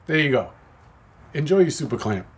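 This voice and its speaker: Husky, animated man talking candidly. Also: on the high side, normal speed. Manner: passionate, rambling, candid. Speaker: parts maker and shop owner. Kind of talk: candid personal video talk.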